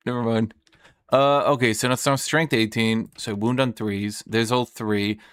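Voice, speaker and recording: A man's voice: medium pitch, fairly even intonation, measured pace, fairly bright tone, clear, resonant tone, dry recording, studio quality. Man muttering through a wargame turn. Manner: thinking aloud, swearing, self-mocking. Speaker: tabletop wargame player. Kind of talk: casual play commentary.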